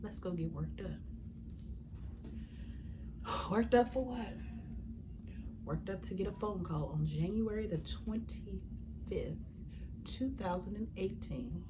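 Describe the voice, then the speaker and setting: A woman with a somewhat low voice tells her own story to the camera in a heartfelt, conversational way. She uses colloquial grammar and at times sinks into a hushed whisper. A steady background noise sits under the recording. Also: slow pace, long pauses. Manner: sometimes drops to a hushed whisper. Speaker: vlogger. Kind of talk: personal storytelling.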